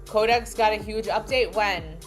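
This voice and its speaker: A woman's voice: mid-range voice, normal speed. A woman live-streaming in a casual, rambling way, laughing often and talking to her chat. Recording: music playing behind the voice.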